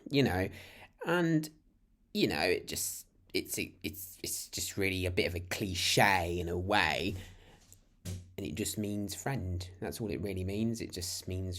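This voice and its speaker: Low-voiced British man, chatty teaching. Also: expressive, unhurried. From United Kingdom. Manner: chatty, rambling, full of restarts. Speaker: language teacher. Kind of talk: casual lesson to camera.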